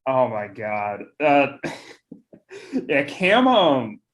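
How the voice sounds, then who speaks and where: Young man co-hosting, laughing, halting. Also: mid-range voice, sing-song, lo-fi sound. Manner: laughing often, many fillers. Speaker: podcast co-host. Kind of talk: casual chat.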